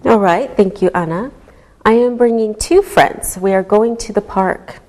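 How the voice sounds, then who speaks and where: Woman English teacher, unhurried classroom delivery, even mid-range voice. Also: mid-range voice. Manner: slow, clearly enunciated teaching voice. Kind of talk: slow classroom instruction.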